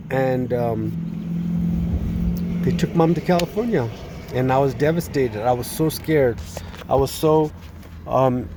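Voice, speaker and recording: A man giving a personal testimony. He speaks in a halting, earnest and distressed way, often restarting and repeating words. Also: medium pitch, dark tone, slight background noise. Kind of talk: personal testimony, spoken retelling.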